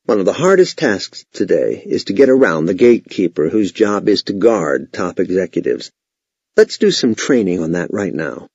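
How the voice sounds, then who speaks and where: A man's voice: low-pitched, big pitch swings, normal speed, a little mellow, slightly rough, no room sound. A man teaching sales techniques in scripted instructional narration, with an emphatic, authoritative delivery. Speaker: sales trainer. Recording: dull, lo-fi, dry voice-over.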